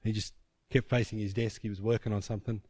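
A man's voice: on the low side, level tone, quick pace, mellow, slightly rough, dry recording. A man preaching a sermon, telling a personal story in vivid scenes, often restarting his sentences.

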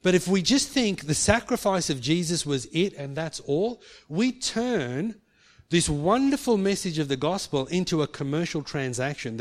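A man preaching a sermon, earnest, acting out quoted speech and rising to emphatic peaks. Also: on the high side. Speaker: pastor.

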